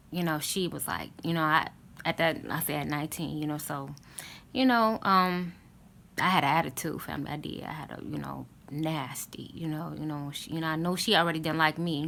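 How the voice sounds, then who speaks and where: Low, gravelly woman telling a story. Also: fairly bright tone. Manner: earnest, rambling, calls viewers "family"; many fillers like "you know" and "um". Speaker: vlogger talking to her viewers. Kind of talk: casual storytelling to camera.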